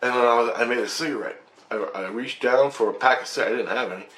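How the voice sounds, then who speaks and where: A man telling a personal spiritual story in a rambling, excited way, swearing often and restarting his sentences. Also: medium pitch, quick pace, reverberant. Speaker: vlogger recounting a spiritual experience.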